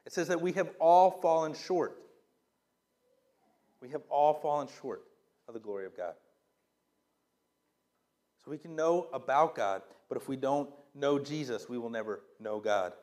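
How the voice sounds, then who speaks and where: Man, pastor, high-pitched voice, casual emphatic sermon, rhetorical questions. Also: darkish tone.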